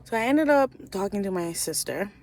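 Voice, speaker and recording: A woman's voice: medium pitch, very animated, moderate pace. A young woman vlogging outdoors, chatting casually about her life, with lots of fillers and "like". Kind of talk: casual storytime vlog.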